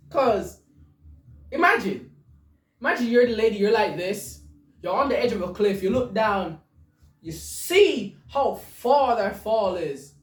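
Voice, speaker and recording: A woman's voice: medium pitch, far from the mic. A woman hosting a podcast, commenting crudely on jokes, stammering and laughing, in an echoey room away from the mic. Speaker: podcast host. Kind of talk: casual joke commentary.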